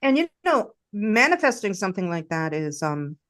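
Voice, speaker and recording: A woman's voice: medium pitch, sing-song, normal speed, a bit bright, dry recording, clean studio sound. A woman in casual chat, reflective, often murmuring agreement.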